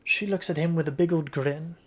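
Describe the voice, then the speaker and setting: Relaxed tabletop game master narrating. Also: mid-range voice, fairly quick. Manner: relaxed storytelling, with occasional restarts.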